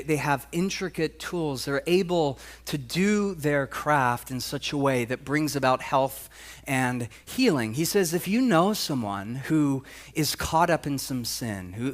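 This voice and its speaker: A man with a fairly high voice preaches to his congregation. He talks in a loose, conversational way, with light humor, and his pitch and loudness rise and fall widely. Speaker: pastor. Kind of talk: sermon.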